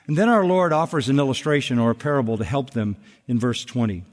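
A man's voice: medium pitch, fast, darkish tone, long reverb tail. A man preaching a sermon in an earnest expository manner, stressing points with repetition. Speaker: pastor.

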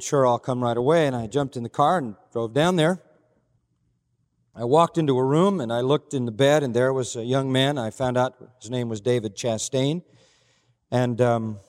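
An older man, a pastor, preaching an earnest, emphatic sermon and retelling a story with quoted dialogue. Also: medium pitch. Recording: hall reverb.

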